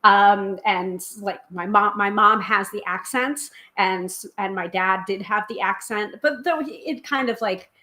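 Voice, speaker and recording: A woman from the United States hosting a tarot live stream. She talks casually and quickly, with many filler ums, and reads viewer comments aloud. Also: mid-range voice, bright, forceful tone.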